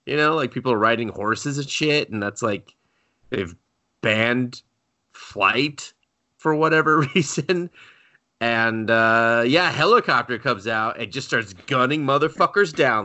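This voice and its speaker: Lively, bright-voiced male podcaster. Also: mid-range voice, unhurried. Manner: rambling, laughing often, acting out voices in retellings. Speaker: podcast co-host. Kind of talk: casual chat.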